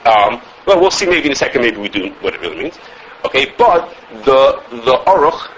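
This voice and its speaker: A man giving a halacha class as a teacher, animated, often repeating words and checking with "okay?". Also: medium pitch, a little hiss or hum, rough recording. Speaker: Torah teacher.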